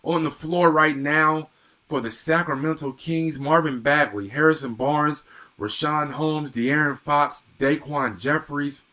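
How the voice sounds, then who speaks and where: A young man doing live play-by-play and reaction on a stream, reading viewer comments and bursting into excited exclamations. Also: on the high side, unhurried.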